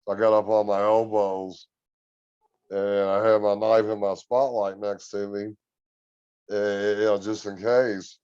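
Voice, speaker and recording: A man guest on a podcast, telling a story in an earnest, relaxed, drawn-out way. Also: on the low side, clear, resonant tone, dry recording, muffled recording. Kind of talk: casual storytelling.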